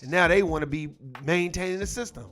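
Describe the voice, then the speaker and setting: A man's voice: sits high, fairly quick. A man ranting in casual, profane commentary, irritated and repeating himself. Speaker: commentary host.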